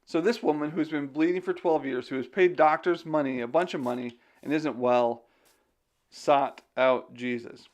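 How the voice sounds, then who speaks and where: A man talks casually while gaming on stream, his voice sitting slightly high. He muses to himself and the viewers as he plays. He drifts easily between game chatter and scripture. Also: fairly even intonation, moderate pace. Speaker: game streamer and digital missionary.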